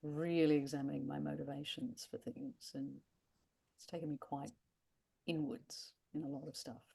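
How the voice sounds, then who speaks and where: A woman with a very low, dark and husky voice shares quietly with a study group. She speaks hesitantly, pausing as she looks for words, with a gravelly edge. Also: steady tone. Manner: soft, hesitant, searching for words. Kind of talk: casual sharing in a group call.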